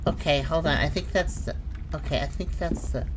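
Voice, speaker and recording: A woman's voice: lowish voice, animated, a little fast, noisy background. A woman giving casual let's-play commentary, exclaiming and thinking aloud as she plays. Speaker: gameplay commentator.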